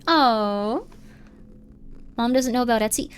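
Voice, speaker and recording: A woman's voice: fairly high pitch, lively intonation, normal speed, pauses often. A woman streamer giving rambling, chatty commentary on a live game and reading its text aloud.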